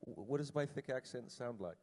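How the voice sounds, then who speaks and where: A middle-aged man from Canada, answering fan questions on a convention panel in a joking, self-deprecating way, with halting fillers. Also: mid-range voice, background noise. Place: large convention hall. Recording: long hall reverb.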